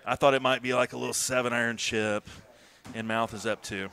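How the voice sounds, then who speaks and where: Male co-commentator, bright tense voice, casual banter with sudden shouting. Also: mid-range voice, fairly quick, vocal fry, smooth. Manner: excitable, swearing, bursts into shouts. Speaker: stream commentator.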